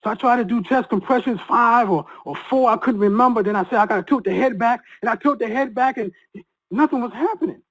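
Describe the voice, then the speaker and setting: A man speaking as a guest, telling an emotional personal story in an earnest, halting way with many repeated restarts. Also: very high voice, a bit bright, low-quality recording.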